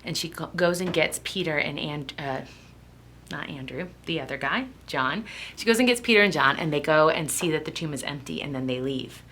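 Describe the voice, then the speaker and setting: A woman giving a devotional Bible reading and reflection, emotional and halting, close to tears and often dropping to a near whisper. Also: low voice, fairly bright tone. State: tearful, close to crying. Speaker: devotional speaker.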